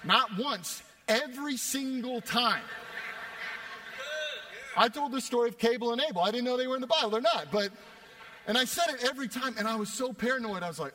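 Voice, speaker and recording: A young man preaching a sermon, telling a self-deprecating story with animated delivery. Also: very high-pitched, a little fast. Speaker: pastor. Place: church worship space. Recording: long reverb of a church hall.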